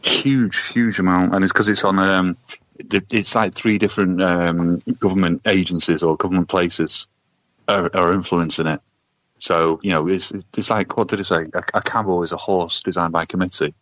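A man's voice: deep voice, steady tone, moderate pace, fairly bright tone, no room sound. A man co-hosting a podcast, telling stories in a laid-back, wry way with lots of swearing. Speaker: podcast co-host. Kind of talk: casual chat. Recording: dull lo-fi podcast audio.

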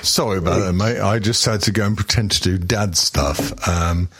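A man's voice: sits low, normal speed, fairly bright tone, a little hiss or hum. A middle-aged man co-hosting a podcast, chatting in a rambling, self-mocking way, swearing freely. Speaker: podcast co-host. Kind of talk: casual profane chat.

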